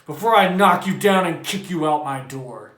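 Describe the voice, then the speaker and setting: A man voicing a bitter fireman who shouts angrily at a guest. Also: fairly high pitch, animated, moderate pace. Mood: furious. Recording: roomy echo.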